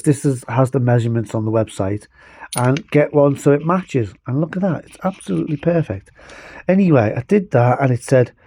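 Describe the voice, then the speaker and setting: Man, from the UK, chatty bike vlogger, rambling, self-deprecating, warm dark tone. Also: medium pitch, dry recording. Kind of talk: casual demonstration vlog.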